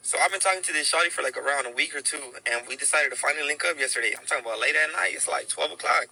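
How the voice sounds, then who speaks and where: Bright-voiced young man telling a story. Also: on the high side, rapid-fire, slightly rough, rough recording. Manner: profane, animated storytelling with slang. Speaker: podcast guest storyteller. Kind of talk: casual podcast chat.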